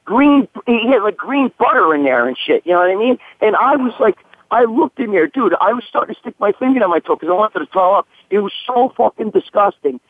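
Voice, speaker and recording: Male storyteller, high-pitched, swears constantly, rambling; tinny dry phone audio. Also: fairly quick, no room sound. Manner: profane, rambling, animated. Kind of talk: crude casual storytelling.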